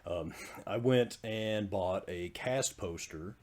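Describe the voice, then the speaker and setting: A low-voiced older man shares a fan story on a casual podcast. He starts out hesitant with plenty of fillers. He grows louder and livelier as the story builds. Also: slow pace. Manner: animated storyteller who gets louder as he tells it. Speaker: podcast co-host.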